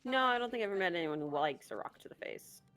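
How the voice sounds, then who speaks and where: Quick, lively woman in playful gamer chat. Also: mid-range voice, smooth, faint music behind. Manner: playful teasing. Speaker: gamer guiding her husband. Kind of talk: casual let's-play chat. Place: home.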